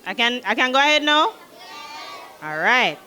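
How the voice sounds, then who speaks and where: A woman with a high, bright voice speaks to a group of children as their guest reader. She is chatty and playful, and she engages them before reading aloud. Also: very animated, moderate pace.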